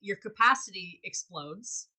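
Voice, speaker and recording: A woman's voice: mid-range voice, animated, unhurried, bright, forceful tone, low-quality recording. A woman co-hosting a casual podcast chat, reflective and coaching, often restarting her sentences. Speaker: podcast co-host.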